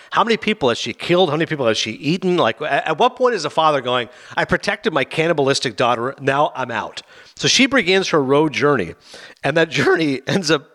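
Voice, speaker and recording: Fast-talking animated male film reviewer. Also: fairly high pitch. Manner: fast, animated, acts out scenes in quoted voices. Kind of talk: casual chat.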